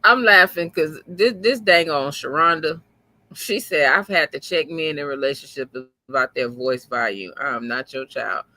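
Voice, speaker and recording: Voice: mid-range voice, moderate pace, sharp tone, dry recording. A person in casual podcast chat, talking in a chatty way and laughing along with the others.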